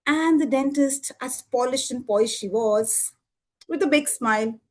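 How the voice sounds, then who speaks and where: High-voiced woman telling a lively story. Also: a little slow. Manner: lively, expressive, with sound effects. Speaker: storytelling student. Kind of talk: live storytelling performance for children.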